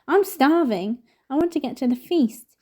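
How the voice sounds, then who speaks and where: A woman reading aloud and voicing a blunt, excitable teenage schoolboy. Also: sits high, normal speed. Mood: eager. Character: hot-headed teenage schoolboy.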